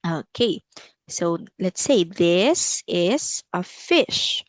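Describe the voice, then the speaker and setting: A woman's voice: lowish voice, expressive, drawn-out words, dry recording. A woman teaching English to a child over a video call, patiently repeating words. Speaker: English tutor. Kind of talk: online English lesson for a child.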